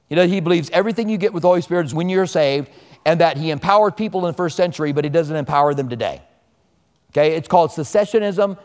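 A man preaching to his congregation with a slightly higher voice, talking easily and weaving in stories from his own week. His words ring out with a long reverb, as if filling a large hall. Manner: conversational preaching with personal stories. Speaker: pastor. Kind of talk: sermon. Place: church service before a congregation.

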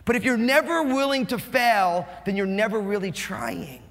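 A male pastor from New Jersey delivers a lively, humorous sermon at a quick clip. His voice sits high for a man. The sound rings with long reverb from a large hall. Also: creaky. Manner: animated, fast-talking, joking.

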